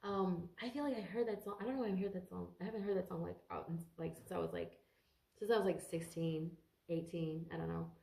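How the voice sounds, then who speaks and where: A congested woman talks through a tarot reading in a loose, rambling way, cursing casually and tripping over words. Her voice is low, dark and gravelly with plenty of fry. The room around her is echoey. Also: fairly even intonation, fast. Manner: rambling, swears freely, stumbles over words. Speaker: tarot reader.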